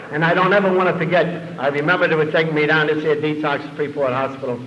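New man sharing his story with an audience, animated and self-mocking, slightly high pitch, dull lo-fi sound. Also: a little fast. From New York City. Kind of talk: comic storytelling talk to an audience. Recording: dull lo-fi recording.

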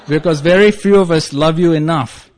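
A man with a non-native English accent telling a humorous personal story in a wry, self-mocking way, laughing as he goes. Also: on the high side. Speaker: speaker sharing a recovery story.

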